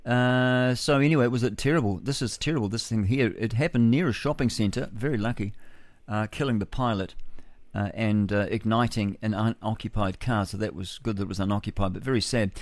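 A man's voice: on the low side, fairly quick, dry recording. A man hosting solo breakfast radio, musing aloud and reading news with chuckling rhetorical asides. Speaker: radio host. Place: home studio with a window.

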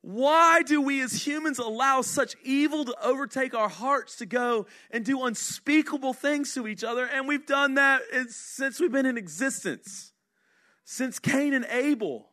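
A middle-aged male pastor delivers a sermon in a bright, fairly high voice. He talks to the congregation in an earnest, conversational way, full of rhetorical questions, and drops low and quiet when he wants to press a point home. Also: a little slow. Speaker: senior pastor.

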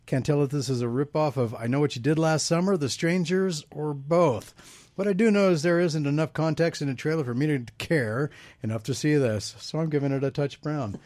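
A man's voice: on the high side, brisk, a little mellow, no echo. A man hosting a pop culture radio show, chatting casually and joking as he runs a movie review panel. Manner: jokey, rambling, laughs often. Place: radio studio.

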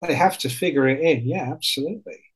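A man in casual chat on a podcast, telling stories in an animated way and swearing often. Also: fairly high pitch, fast, slightly rough, rough recording.

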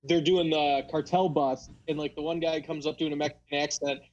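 A young man co-hosting a podcast, telling animated stories in casual chat and fumbling for details. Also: on the high side, fairly quick, highs cut off. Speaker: podcast co-host.

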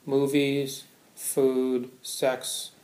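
A man's voice: medium pitch, completely flat delivery, drawn-out words, darkish tone, echoey room. A man giving a Buddhist Dharma talk to a live audience, conversational, often checking in with "right?". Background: audience laughter.

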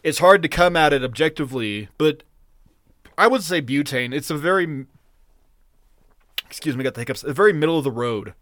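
A man co-hosting a podcast in casual chat, rambling, profane and excitable. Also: a little high, quick pace, no echo. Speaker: podcast co-host.

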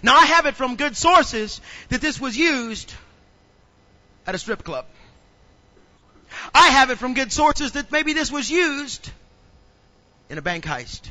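A pastor man preaching with a strikingly high, lively voice that leaps up and down. The tone is very bright and sharp, and he tells his stories with humor before pushing into loud preaching. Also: takes it slowly, long pauses. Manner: humorous storytelling, acts out little scenes. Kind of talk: sermon.

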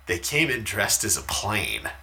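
A man in his thirties casually telling funny stories in a podcast chat, swearing freely and shouting out the lines of the people he quotes. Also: fairly low pitch, huge pitch swings, measured pace, vocal fry, heavy background noise. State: talking quietly at times because his wife sleeps.

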